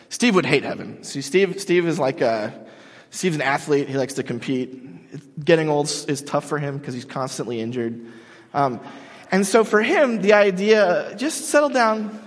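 Casual preaching man in a hall. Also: a little high. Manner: casual, joking, animated storytelling. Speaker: pastor. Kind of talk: conversational sermon. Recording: long hall reverb.

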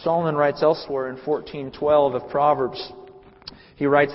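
A man delivers an earnest sermon, driving points home through repetition. His voice sits fairly high for a man. The recording is a little dull and carries the long reverb of a large hall. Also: fairly even intonation, moderate pace. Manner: earnest, emphatic, repeats phrases for weight. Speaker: preacher. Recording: reverberant hall, muffled sound.

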